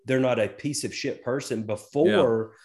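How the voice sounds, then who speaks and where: A middle-aged man chats casually on a podcast. He is easygoing and folksy, and drifts into side remarks. His voice sits at an ordinary middle pitch. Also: unhurried, darkish tone. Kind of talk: casual chat.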